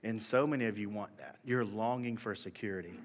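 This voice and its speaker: A man in his thirties preaching a sermon, animated and swinging from soft talk to shouting. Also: on the low side, a little fast. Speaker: pastor. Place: church hall. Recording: long hall reverb.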